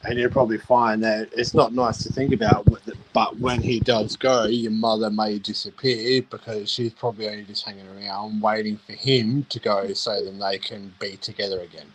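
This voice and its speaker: A man with an Australian accent, a guest on a podcast, calmly reassuring the host in casual chat. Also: fairly low pitch, moderate pace, hardly any pauses, slight background noise, rough recording. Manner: calm, reassuring, explains.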